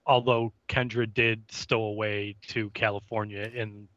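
A man co-hosting a podcast, recapping an episode in a relaxed, halting way with fillers. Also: lowish voice, dry recording, muffled recording. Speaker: podcast co-host. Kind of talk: casual recap chat.

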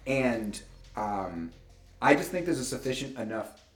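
A man chatting casually about a movie, earnest and rambling with frequent pauses and restarts. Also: mid-range voice, sing-song, roomy sound, far from the mic. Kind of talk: casual movie review chat.

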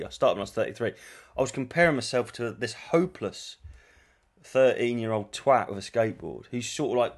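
Man in his forties, from England, comedian, rambling anecdotes, swears freely, middling pitch. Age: 40s. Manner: chatty storyteller, swears freely, quick asides and self-corrections. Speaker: comedian and podcast host. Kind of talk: casual rambling monologue.

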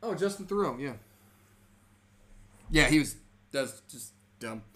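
A man's voice: a little high, expressive, a little slow, bright, forceful tone. A young man in casual chat, swearing often and laughing as he tells stories. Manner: profane, laughing storyteller.

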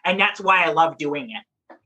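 Bright, husky woman chatting animatedly. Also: low voice, measured pace. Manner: animated, chatty, laughs often, playful voices for puns. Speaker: drag performer and story time reader. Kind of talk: lively guest interview.

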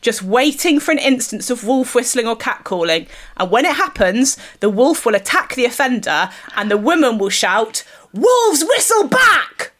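Woman, comedy podcast co-host, mock-serious pitch, fairly high voice. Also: lively intonation, normal speed, few pauses, a bit bright. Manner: earnest mock-activist delivery, breaks into laughter.

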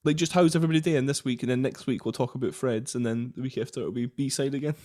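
A man, co-hosting a podcast in excitable, stumbling chat. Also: medium pitch, fast talker. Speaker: podcast co-host. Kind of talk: casual chat.

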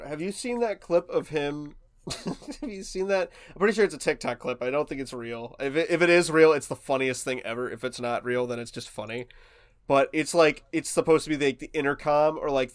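A man's voice: mid-range voice, moderate pace, no echo. A young man co-hosting a podcast, chatting casually, rambling and laughing as he mock-quotes people. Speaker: podcast co-host. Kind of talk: casual chat.

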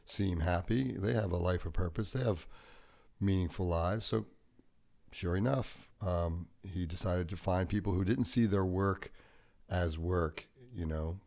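A man co-hosting a podcast, talking in a relaxed, rambling and jokey way. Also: low-pitched, unhurried, vocal fry. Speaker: podcast co-host. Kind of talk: casual podcast chat.

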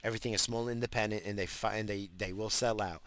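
A man's voice: fairly low pitch, fairly even intonation, fast talker, fairly bright tone. A man, calling himself a stoner, ranting about conspiracies in heated, profane talk that keeps repeating itself. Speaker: self-described stoner.

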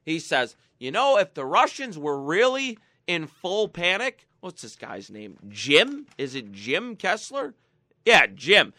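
A man hosts a political talk show, delivering political commentary as a sarcastic rant that mocks his targets. His voice is on the high side and sharp, very animated yet slow, in a dry studio-quality recording.

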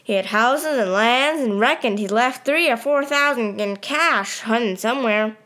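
A woman's voice: on the high side, moderate pace, pushed and bright. A woman voicing a naive, eager and talkative young man in a storybook reading. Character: naive chatty young man from a small town.

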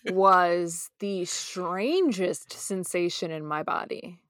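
A woman's voice: on the low side, takes it slowly, a bit bright, no echo, studio quality. A woman co-hosting a podcast in casual chat, upbeat and asking her guests questions. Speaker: podcast co-host.

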